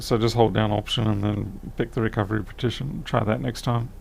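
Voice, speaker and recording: A man's voice: lowish voice, fairly even intonation, fairly quick, a little mellow, slight background noise. A tired man chatting casually on a live stream, thinking aloud as he repairs a laptop, his voice fading. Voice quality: gravelly.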